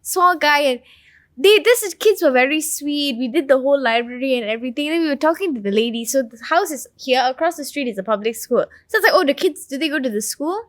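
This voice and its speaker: A woman's voice: high voice, expressive, quick pace, fairly bright tone, dry recording, clean studio sound. A woman speaking in a heartfelt way during a reflective conversation, telling stories.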